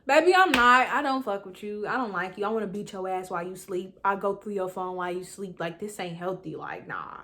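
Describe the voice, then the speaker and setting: Young woman vlogger, casual slangy storytime, dramatic and animated, loud peaks, quiet asides. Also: a little fast, hardly any pauses. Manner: animated, dramatic, swings between loud outbursts and low asides. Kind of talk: storytime vlog.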